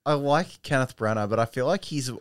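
A man's voice: mid-range voice, lively intonation, fairly quick, clean tone, dry recording. A man co-hosting a casual film podcast, opinionated with dry asides. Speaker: podcast co-host.

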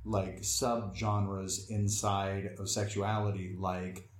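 A man's voice: low voice, flat delivery, takes it slowly, echoey room. A man in casual conversation, talking bluntly and swearing freely. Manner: blunt and profane, with laughs. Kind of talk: casual chat.

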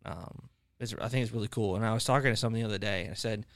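A man with a fairly low voice hosts a casual podcast conversation about faith. He tells long, rambling stories full of fillers and restarts. The sound is dry and close. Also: rapid-fire, gravelly, dry recording. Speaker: podcast host.

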